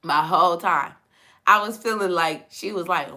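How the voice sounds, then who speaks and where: A young woman hosting a casual live chat with her viewers, animated and laughing often, her voice slightly hoarse. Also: on the low side, moderate pace. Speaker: live stream host and coach.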